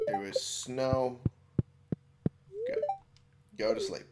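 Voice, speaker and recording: A man muttering casual commentary to himself while playing a game, now and then breaking into sudden excited yelps. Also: medium pitch, unhurried, over loud music. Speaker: let's play gamer. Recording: noisy home recording.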